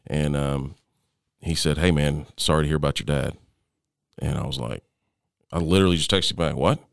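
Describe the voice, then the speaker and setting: A middle-aged man telling a personal story as an interview guest, halting, with frequent restarts and fillers, often dropping to a quieter level. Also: extremely low pitch, fairly even intonation, vocal fry, clear, resonant tone, no echo, studio quality.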